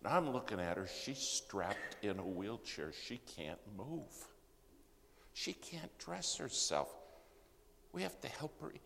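Very deep-voiced older preacher in a reverberant hall. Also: male voice, very animated, takes it slowly, creaky, slight background noise. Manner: dramatic, swings from loud to hushed. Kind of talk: sermon storytelling. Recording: long reverb of a big hall, faint ambience.

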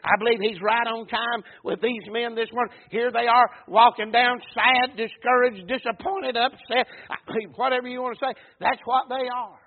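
A man with a drawl preaches a folksy sermon, his high, husky voice rising to near shouts and sinking back down. The recording is thin and phone-like. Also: flat delivery, normal speed, hardly any pauses. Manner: folksy, repeats words, swells to shouts and drops low.

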